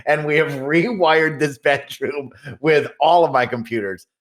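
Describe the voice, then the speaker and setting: A man's voice: fairly high pitch, measured pace. Man telling a story on a podcast. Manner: animated storytelling with acted quotes. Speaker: podcast co-host. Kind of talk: casual chat.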